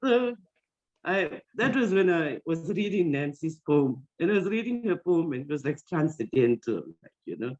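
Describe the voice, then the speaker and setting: A woman's voice: sits low, very animated, normal speed, a little mellow. Rambling woman telling a story on a call. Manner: rambling, with many fillers and restarts. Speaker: meeting participant. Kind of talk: personal story. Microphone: video call. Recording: dull lo-fi call audio.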